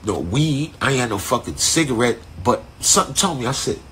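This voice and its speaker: A man telling a long story in a loose, animated way, heavy on profanity and street slang, over a phone on a live stream. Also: mid-range voice, brisk, a little hiss or hum. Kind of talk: casual storytelling.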